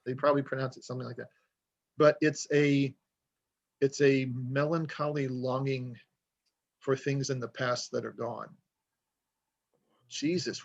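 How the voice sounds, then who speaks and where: Casting note: gravelly man, chatty author guest, dull lo-fi audio. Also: mid-range voice. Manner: rambling, storytelling, self-deprecating. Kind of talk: casual podcast conversation.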